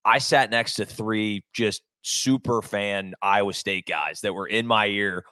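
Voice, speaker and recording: A man's voice: lowish voice, fairly even intonation, unhurried, sharp tone, no echo. A young man co-hosting a podcast, telling sports stories in a laid-back, joking way. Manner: laid-back storytelling, silly voices for jokes. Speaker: podcast co-host. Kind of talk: casual sports chat.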